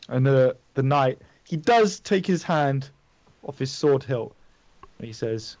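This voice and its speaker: A man's voice: mid-range voice, unhurried, a little mellow, no echo, highs cut off. A man narrating as dungeon master, casual, with many fillers and restarts. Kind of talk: narrating a tabletop game.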